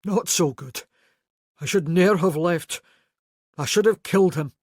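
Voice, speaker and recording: A narrator voicing a remorseful older Highland man who pleads earnestly in a historical romance audiobook. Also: measured pace, a little mellow, no room sound, clean studio sound, lightly acted. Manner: earnest, pleading, guilt-ridden. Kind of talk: audiobook character voice.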